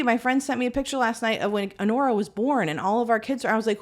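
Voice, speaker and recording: A woman in her thirties, a guest and mother of three, talking candidly and animatedly in a podcast conversation and poking fun at herself. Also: fast talker. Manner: animated, candid, self-mocking storyteller with big pitch swings.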